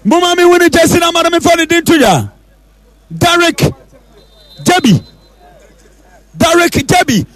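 A man with a Ghanaian accent calls a football penalty shootout, excitedly shouting and repeating the players' names. His voice is very high, unhurried and full of pauses, recorded dry with no room sound, a faint crowd behind, and low quality overall.

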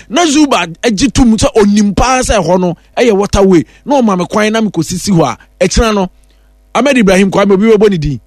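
Man, Ghanaian accent, high-pitched, dry close sound, forceful political talk. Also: a little fast, no room sound. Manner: forceful, argumentative, switches between Twi and English. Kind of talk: political discussion in Twi.

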